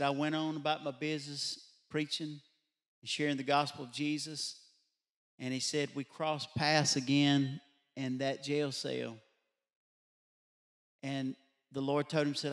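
A man's voice: fairly high pitch, level tone, a little slow. A pastor preaching a midweek Bible study, telling a story in a conversational way and putting rhetorical questions to his congregation. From Louisiana. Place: church sanctuary.

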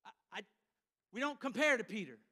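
High bright-voiced preacher in a reverberant church. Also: male voice, big pitch swings, a little fast. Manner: acts out scenes with volunteers, shifting between loud and hushed. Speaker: pastor. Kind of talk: sermon. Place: church sanctuary. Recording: church hall with long reverb.

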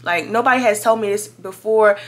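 A twenty-year-old woman from Louisiana, telling a story in a chatty, animated vlog to her viewers. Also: medium pitch, normal speed. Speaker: vlogger.

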